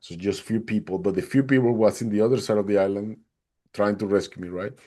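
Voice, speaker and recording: A man, a podcast guest, recounting a personal experience in an animated way and acting out the others' lines. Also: fairly low pitch, fast. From Atlanta, Georgia, USA. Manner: animated, acts out the other people's lines in a raised voice. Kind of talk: personal storytelling.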